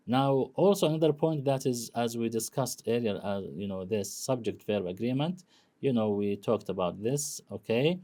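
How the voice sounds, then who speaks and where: A man lecturing on English grammar, explaining slowly and filling pauses with "you know" and "okay?". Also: medium pitch, expressive, warm tone. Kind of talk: recorded classroom lecture.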